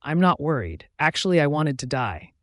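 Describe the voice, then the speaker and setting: A man voicing a gentle, grateful young woman with scars in a werewolf audiobook, speaking softly and quietly. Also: a little high, very animated, moderate pace, no room sound, studio quality. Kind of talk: audiobook narration.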